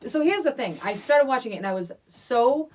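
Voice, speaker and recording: This middle-aged podcast co-host has a voice on the high side and talks fairly quickly. In a casual conversation, she spins an animated story and acts out what people said.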